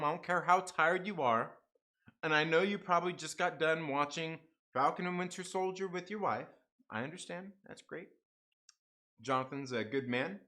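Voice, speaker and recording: A man from a half Mexican family hosts a casual late-night live stream, his voice on the high side, pushed and bright, at normal speed. He chats with viewers while eating, profane and laughing as he talks to chat.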